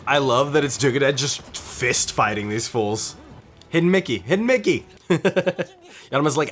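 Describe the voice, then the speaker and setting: A young man giving casual, excited reaction commentary on a show, swearing often and laughing as he watches. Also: medium pitch, a little slow, soft background music. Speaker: reaction video host.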